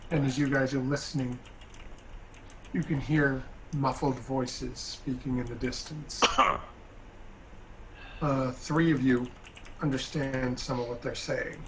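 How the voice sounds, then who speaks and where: A man narrating as game master of a tabletop game, pausing often with ums and uhs. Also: medium pitch, fairly even intonation, slight background noise, low-quality recording. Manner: halting, many ums and uhs.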